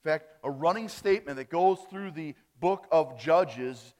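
A man from Wisconsin preaches a sermon from a church stage. His voice sits a bit high for a man, and he swings from emphatic, rising phrases to quiet endings. The church adds a long reverb around every word. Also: normal speed, hardly any pauses. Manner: emphatic preaching, rising on key phrases and dropping soft at line ends. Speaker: pastor. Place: church sanctuary.

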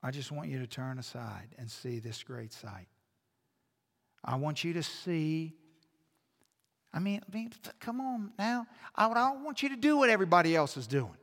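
A man preaching a sermon as pastor, swinging between hushed, intimate asides and loud, emphatic exhortation. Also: a little high, expressive, normal speed. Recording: long hall reverb.

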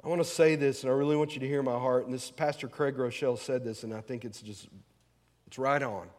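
A man's voice: medium pitch, fairly even intonation, fast talker, darkish tone. A male pastor preaching a sermon in a folksy, conversational way, asking the congregation questions. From rural American South. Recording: long hall reverb.

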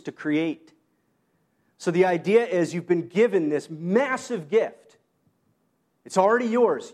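Quoting the apostle Paul sends this pastor's high, darkish voice climbing even higher. Otherwise he preaches his sermon casually, with self-deprecating remarks and brief laughs.

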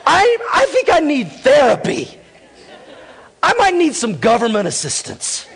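A man's voice: extremely high pitch, huge pitch swings, measured pace, vocal fry, fairly bright tone, in a large hall, slight background noise, pitched above the performer's own voice, heavily acted. A man voicing Adam as a whiny, blame-shifting young man, comic and exaggerated.

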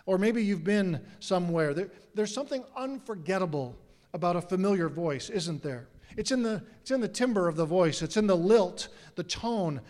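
Earnest pastor preaching in a reverberant hall. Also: male voice, high-pitched, lively intonation, normal speed, a little mellow. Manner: earnest, asks the congregation questions. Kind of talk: sermon. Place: church sanctuary.

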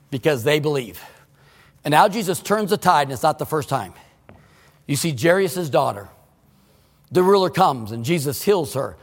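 Male pastor, sermon, high voice, emphatic, hall reverb. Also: vocal fry. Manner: emphatic, swings from loud to hushed. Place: church sanctuary.

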